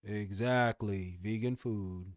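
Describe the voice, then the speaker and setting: A man's voice: on the low side, steady tone, slow pace, no echo, clean studio sound. A young man chatting casually with his live-stream viewers, laid-back and slangy, calling them bro and y'all. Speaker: music producer streamer.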